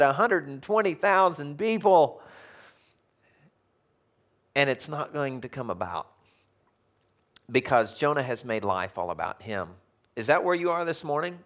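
A man preaching a conversational sermon in a church, animated and chuckling often. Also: medium pitch, normal speed. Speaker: pastor. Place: church sanctuary.

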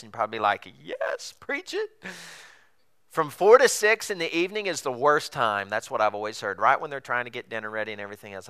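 Bright, clear-voiced man preaching. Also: medium pitch. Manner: conversational, animated preaching with rhetorical questions. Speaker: pastor. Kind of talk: sermon.

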